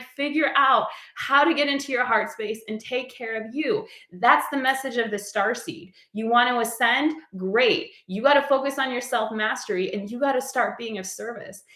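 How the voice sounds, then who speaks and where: A woman's voice: a little high, a bit bright. A woman giving a heartfelt spiritual message in a casual, earnest way, peppered with "like". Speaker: spiritual coach. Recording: echoey room.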